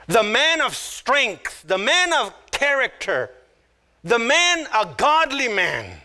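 A man preaching a sermon, emphatic and repetitive, slowing right down to stress key words. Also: very high-pitched, big pitch swings, bright, forceful tone. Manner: emphatic, repeats phrases, slows down to stress words; acts out little quoted voices. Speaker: pastor.

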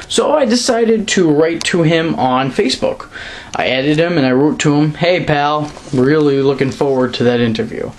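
A young man ranting straight into his camera, scornful and mocking, his pitch jumping up to stress a point. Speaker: wrestling vlogger. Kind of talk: direct-to-camera rant. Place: quiet room at night. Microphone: camera mic.

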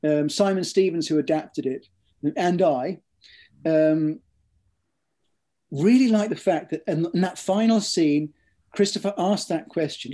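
A man, an author, answering interview questions in a measured, storytelling way, with frequent ums and repeated words. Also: a little high, mellow. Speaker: author interviewed about his books. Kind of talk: thoughtful interview conversation.

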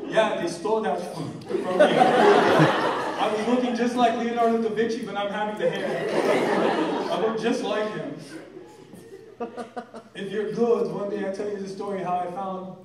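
A man doing a gruff immigrant dad. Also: fairly even intonation, normal speed, long pauses, natural voice. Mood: defiant. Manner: broken English, gruff and low, muttering. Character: stubborn tricky immigrant father, middle-aged man. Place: comedy club on stage. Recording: echoey room, far from mic, crowd laughing.

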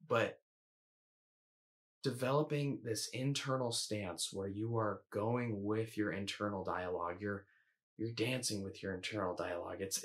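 A man coaching viewers in a calm, measured instructional talk, sometimes restarting his phrasing. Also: on the low side. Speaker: eating coach.

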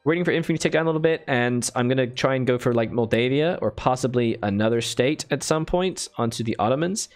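A man's voice: mid-range voice, quick pace, few pauses. A man live-streaming a strategy game, thinking aloud in a chatty way and thanking viewers with bursts of enthusiasm. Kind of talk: casual live-stream commentary.

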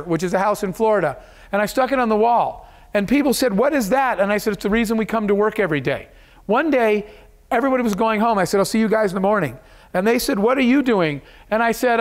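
Man, high-pitched voice, motivational keynote speaker, earnest storytelling. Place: event hall.

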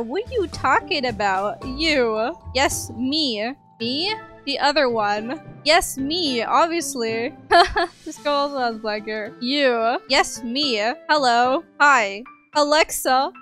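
A young woman giving playful gameplay commentary as a gaming YouTuber, chatty and quick, giggling often between lines. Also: sits high, pushed and bright. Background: faint background music.

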